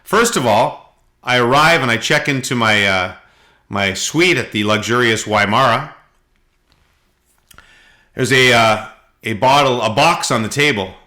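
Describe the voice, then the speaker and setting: A middle-aged man from Canada, co-hosting a podcast and telling animated anecdotes in casual chat. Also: mid-range voice, a little slow, long pauses. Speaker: podcast co-host.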